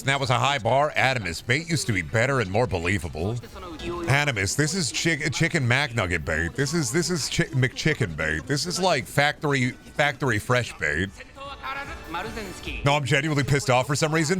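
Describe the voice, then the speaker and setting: Animated joking man streaming a game. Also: mid-range voice, fairly quick, faint music behind. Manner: loud, joking, yells at the game during races. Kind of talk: casual gaming stream chat.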